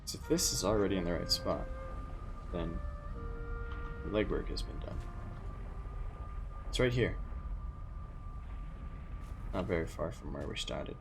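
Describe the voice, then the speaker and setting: A man's voice: deep voice, expressive, a little slow, gravelly, long pauses, over music. A man hosting a gaming livestream, chatting casually and joking around with a friend. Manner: joking, playful. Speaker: livestream host.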